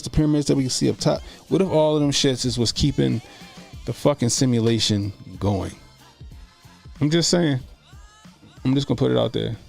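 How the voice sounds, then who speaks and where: A man hosts a casual live stream at a middle pitch, with faint music underneath. He rambles through profane, laughing stories and answers chat comments as they come in. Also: creaky, darkish tone. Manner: loose, profane, laughing storytelling. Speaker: streamer host.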